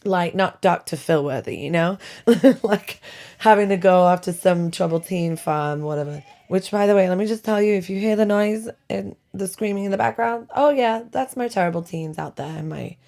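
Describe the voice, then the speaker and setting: Chatty single mom with a gravelly voice. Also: female voice, mid-range voice, moderate pace, dark tone. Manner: chatty, self-deprecating, laughs often. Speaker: podcast host. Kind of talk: casual chatty podcast monologue. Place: her bedroom at home. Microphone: home podcast mic.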